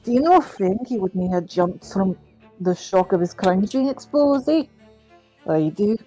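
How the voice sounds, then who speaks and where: A woman's voice: medium pitch, animated, unhurried, dark tone, slightly rough, faint music behind. A woman voicing a sly male prison governor in a put-on Scottish accent, reading game dialogue aloud with a dry, wry manner. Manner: dialect-heavy, wry reading of game lines.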